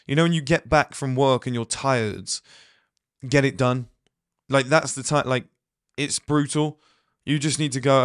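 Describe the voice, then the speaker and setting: Clear and resonant at a medium pitch, the host's voice comes through clean studio sound with no room noise. He tells his viewers he's ill as he delivers a blunt motivational monologue, full of quick asides and acted-out little quotes.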